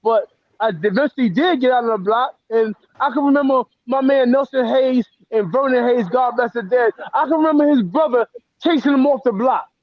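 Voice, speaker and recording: A man with a strikingly high voice, telling his story bluntly and with heat as a guest on a talk show. The sound is dry and close, with a dull, lo-fi edge. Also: a little fast, dry recording. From the Bronx, New York. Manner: blunt and profane, heated, emotional. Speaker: guest author. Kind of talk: casual interview storytelling.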